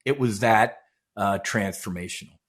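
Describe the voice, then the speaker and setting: A middle-aged man, a former naval aviator, recounting a deep personal experience in an intense, animated way, swearing and acting out quoted dialogue. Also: moderate pace, slightly rough. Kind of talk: emotional storytelling in casual chat.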